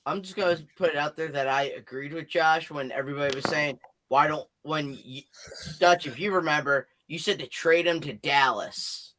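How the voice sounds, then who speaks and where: A man's voice: a little high, moderate pace, rough recording. A man co-hosting a sports podcast, chatting casually and pushing back hard in arguments. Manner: emphatic, argues back loudly. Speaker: podcast co-host.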